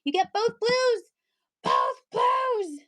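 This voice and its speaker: A woman's voice: very high-pitched, huge pitch swings, very slow, a bit bright. A middle-aged woman from Pennsylvania hosting a live-stream sale, chatty and playful, with giggles and sing-song asides. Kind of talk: casual live-sale chat.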